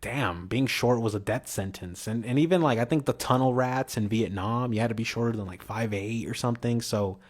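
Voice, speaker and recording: A man's voice: mid-range voice, fairly quick, few pauses. A man vlogging in a rambling casual monologue, slangy and full of restarts and "you know".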